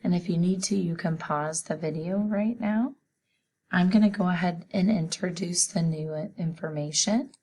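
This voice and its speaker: A woman teacher giving a spelling lesson for children, sounding out each letter slowly and patiently. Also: lowish voice, dark tone.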